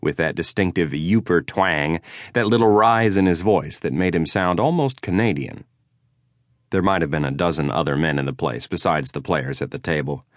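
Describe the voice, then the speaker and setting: A man with a very deep voice reads a first-person audiobook in a dry, wry, understated way. The studio sound is close with no room at all. His delivery stays level and unhurried. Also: dry recording. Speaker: audiobook narrator. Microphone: close studio mic.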